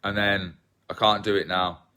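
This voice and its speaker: A man's voice: on the low side, steady tone, normal speed, pushed and bright, smooth. Chatty English man on a livestream. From England. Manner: chatty, self-deprecating, greets viewers by name. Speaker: livestream host. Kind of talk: casual livestream chat.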